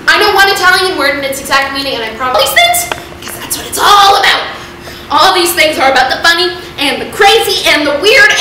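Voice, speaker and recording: A seventeen-year-old girl performing a one-woman comedy show, ranting in an exasperated, self-mocking way. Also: very high-pitched. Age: teens. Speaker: solo stage performer. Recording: echoey hall from far off, loud noise.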